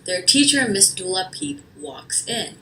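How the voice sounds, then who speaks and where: A woman's voice: mid-range voice, measured pace, creaky, a bit bright, a little hiss or hum. A woman telling a story as a contestant in a storytelling competition, narrating steadily and unhurriedly.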